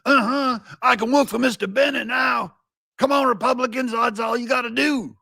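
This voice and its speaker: Man doing a high, shouting preacher-style mockery, gravelly edge. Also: normal speed, full character voice. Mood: mocking. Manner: shouting, exaggerated preaching cadence. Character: loud mocking preacher-style male commentator.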